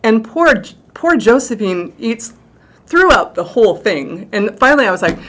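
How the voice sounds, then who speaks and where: A woman's voice: on the high side, animated, moderate pace, a bit bright, slight background noise. A middle-aged woman, a theatre director, chatting animatedly in an interview and laughing easily. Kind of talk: casual interview chat.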